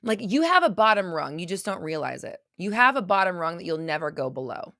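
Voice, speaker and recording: Her pitch sits fairly low but swings widely, and she talks fairly quickly with a slightly bright tone and studio-quality sound free of room noise. Fielding viewer questions live without a script, this host is blunt and intense, hammering ideas home through repetition.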